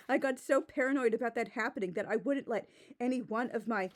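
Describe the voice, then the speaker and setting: Woman reading a teen boy narrator, self-pitying, melodramatic, higher than her usual voice. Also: a little fast, lightly acted. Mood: mocking. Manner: overwrought mock-dramatic reading.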